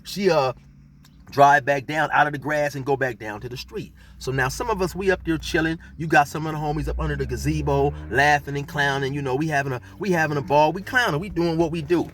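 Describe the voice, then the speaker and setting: A man's voice: fairly high pitch, brisk, fairly bright tone, a little hiss or hum. A middle-aged man telling a street story in laid-back slang, rambling with fillers as he goes. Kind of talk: casual storytelling.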